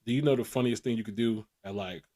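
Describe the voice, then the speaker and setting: A man's voice: on the low side, fast talker, mellow. A man co-hosting a podcast, telling crude, laid-back stories in casual chat and laughing often. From American Midwest. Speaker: podcast co-host.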